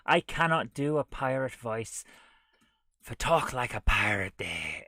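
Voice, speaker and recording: Slow-talking man muttering as he codes. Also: medium pitch, no room sound, studio quality. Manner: muttering to himself while he works, often dropping to a near whisper; chatty and self-mocking, scolding the software. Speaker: streamer coding a retro game live. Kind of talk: live coding stream commentary.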